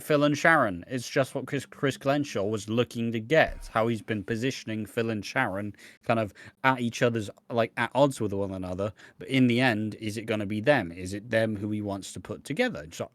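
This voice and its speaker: A man's voice: mid-range voice, no room sound, studio quality. A man co-hosting a casual podcast, chatting and acting out scenes in other voices. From Britain. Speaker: podcast co-host. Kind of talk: casual chat.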